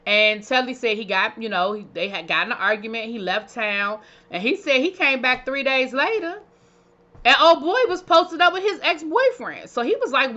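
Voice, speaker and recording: A woman's voice: on the high side, animated, normal speed, sharp tone, muffled recording. A woman recapping a reality show in a casual, sassy, chatty way, with playful asides. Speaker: reality TV reviewer.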